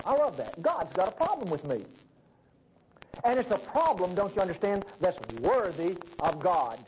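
Animated folksy preacher man. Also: sits high, a little hiss or hum, poor audio. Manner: folksy, animated, acts out voices in stories. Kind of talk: sermon.

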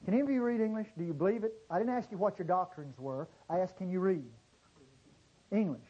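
A man preaching a sermon to a congregation, swinging from low murmurs to loud exclamations and drawing out key words. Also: slightly rough, dull audio. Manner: drawn-out stressed words. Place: church service before a congregation.

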